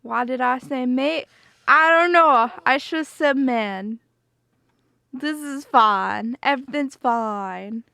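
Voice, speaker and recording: A woman's voice: high voice, fairly even intonation, creaky, fairly bright tone, heavily acted. A woman putting on a playful, made-up mix of British-style accents as a joke bit for her stream chat. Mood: hammy. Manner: playful, drawn-out, deliberately cringe.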